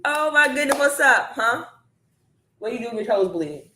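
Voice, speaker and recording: A woman coaching viewers on a live stream, chatty and energetic, calling the audience y'all. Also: fairly high pitch, brisk, echoey room. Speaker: online business coach.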